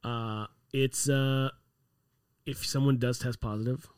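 A man in casual conversation who tells his work stories with lots of swearing and acts out what people said. His voice sits in a middle pitch. The sound is close and dry. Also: slow pace, clear, resonant tone, no room sound. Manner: animated, profane storytelling with acted-out quotes. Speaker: props crew member on a TV set. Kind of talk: casual chat.

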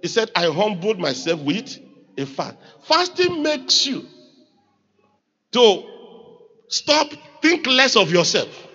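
A man's voice: high-pitched, pushed and bright, breathy edge, dull audio. A man with a Nigerian accent preaching a sermon as pastor, emphatic and calling on the congregation to repeat lines back.

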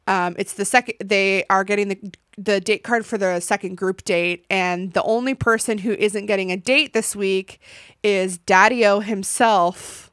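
A young woman hosting a podcast, recapping a reality show in a casual, animated way, swearing and acting out what people said. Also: medium pitch, clean tone, no echo, studio quality. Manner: animated, swearing, acts out quotes. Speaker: podcast host.

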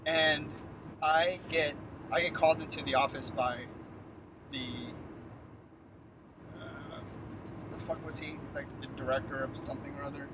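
A man in his thirties tells a story during a casual chat, speaking at a moderate pace with a fairly high pitch and long pauses. He's animated, acting out the people he quotes and laughing partway through. The recording is noisy, with traffic audible outside.

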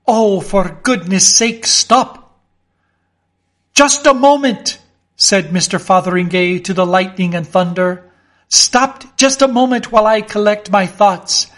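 Man putting on a panicked, shouting little clerk. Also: sits high, completely flat delivery, normal speed, hardly any pauses. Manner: shouting in panic against a storm. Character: frightened timid male clerk working miracles.

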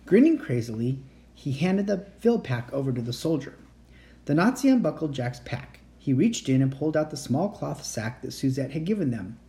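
A home reader reading a children's book aloud, expressive, with occasional slips. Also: medium pitch. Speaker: story reader.

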